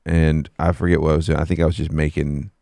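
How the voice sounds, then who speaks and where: Low gravelly young man, casual chat. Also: fast, no echo, clean studio sound. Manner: relaxed, jokey, imitates voices for laughs. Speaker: podcast co-host.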